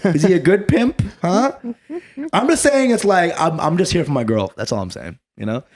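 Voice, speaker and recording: A man's voice: on the high side, expressive, normal speed. A young man from Bangladesh co-hosting a comedy podcast, talking crude and laughing often. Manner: crude, laughing, slips into loud mock voices. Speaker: podcast co-host. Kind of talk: casual comedy chat.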